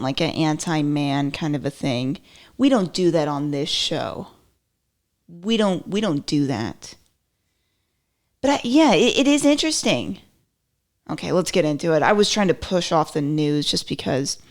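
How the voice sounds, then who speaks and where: A woman's voice: low-pitched, a little mellow. Chatty rambling woman podcast host. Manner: chatty, rambling, self-interrupting with lots of "like"; playful, slips into mock voices for quotes. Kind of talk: casual solo commentary.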